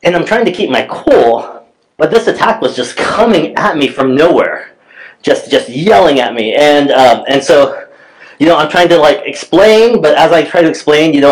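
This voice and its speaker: A man's voice: fairly high pitch, lively intonation, normal speed, rough recording. A middle-aged man, a pastor, preaching a sermon in a church in a conversational storytelling way, with many fillers and restarts.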